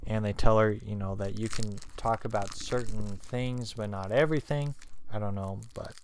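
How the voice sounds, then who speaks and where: Speaking at an ordinary pace, this man has a lowish voice that is slightly mellow with fairly even intonation, and a little background noise can be heard. He hosts his own livestream, talking casually about spiritual matters with candy in his mouth, rambling and full of fillers and restarts.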